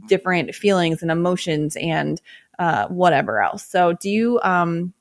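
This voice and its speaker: Woman, podcast host, casual chat, low-ish voice, dry close mic. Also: animated, measured pace, dry recording. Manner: chatty, many fillers like "um" and "you know".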